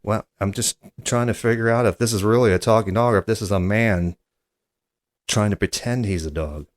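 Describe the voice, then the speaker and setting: Brief: very low-voiced man, podcast host, halting and doubtful delivery. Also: no echo. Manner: hesitant, stammering, skeptical. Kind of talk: comedy podcast prank call.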